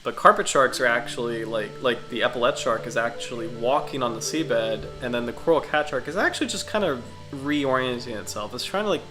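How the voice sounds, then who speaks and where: A man's voice: mid-range voice, fairly quick, few pauses, over music, poor audio. A congested, sniffly man hosting a casual livestream, rambling enthusiastically with many fillers and restarts. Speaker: livestream host.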